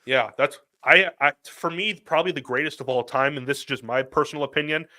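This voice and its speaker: A man's voice: on the high side, fast, sharp tone. A man co-hosting a podcast, chatting casually, mostly giving short agreements and firm opinions. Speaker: podcast co-host. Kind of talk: casual chat.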